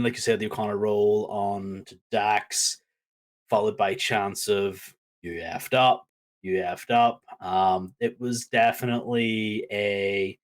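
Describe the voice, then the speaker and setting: A man co-hosting a wrestling podcast, talking casually in an animated, rambling way with many fillers. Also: fairly low pitch. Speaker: podcast co-host.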